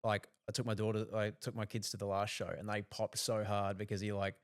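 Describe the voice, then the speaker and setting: A man's voice: lowish voice, flat delivery, a little fast, smooth, dry recording, studio quality. An Australian man in his thirties, a TV journalist guest chatting casually on a podcast, rambling with lots of restarts and fillers.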